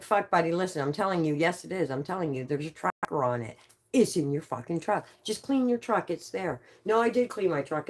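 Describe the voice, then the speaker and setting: A woman from Canada telling a rambling, profane story live to an audience, full of quick asides. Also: deep voice.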